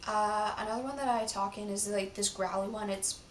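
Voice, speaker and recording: A woman's voice: medium pitch, steady tone, a little fast, slight background noise. Chatty teen girl, rambling vlog talk. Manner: rambling, filler-heavy and chatty. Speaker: vlogger. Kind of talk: casual vlog chat. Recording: roomy, from a distance.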